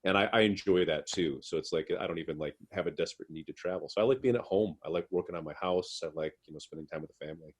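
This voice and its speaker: Low-voiced musician, rambling. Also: male voice, fast talker, hardly any pauses, husky. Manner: rambling, many fillers and restarts. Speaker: guest musician. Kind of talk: casual interview answers.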